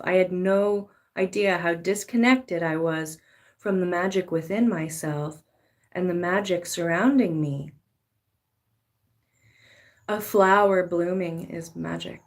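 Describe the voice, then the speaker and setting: A woman's voice: on the low side, steady tone, unhurried. A woman giving a casual spiritual talk as a tarot reader, swearing freely and now and then acting out pleading voices. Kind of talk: spiritual monologue.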